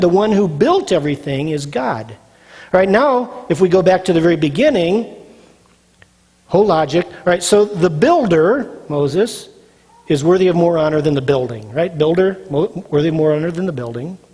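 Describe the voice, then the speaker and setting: A man with a fairly high, lively voice preaches a sermon at normal speed, his tone a little mellow with a breathy edge. As a pastor, he is emphatic and repeats phrases, posing questions to the audience and answering them himself. A long hall reverb surrounds the recording.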